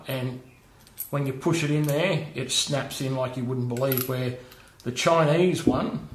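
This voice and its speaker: A man's voice: mid-range voice, roomy sound. A man giving a casual workshop demonstration of machining tools, chatty, often checking in with "okay" and "all right". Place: home workshop.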